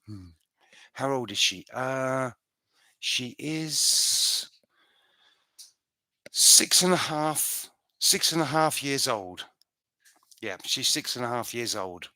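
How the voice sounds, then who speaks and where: A man's voice: medium pitch, lively intonation, slow, long pauses, pushed and bright, no echo, studio quality. A man from the United Kingdom answering viewer questions in a casual live stream at home, chatty and rambling, often restarting his sentences.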